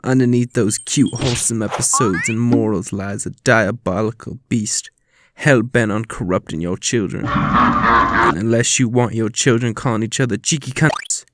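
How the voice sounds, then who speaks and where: A man's voice: medium pitch, steady tone, moderate pace, very noisy. Profane, mock-outraged man ranting. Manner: profane, over-the-top mock indignation. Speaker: comedy YouTuber host. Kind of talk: mock-outraged comedic rant.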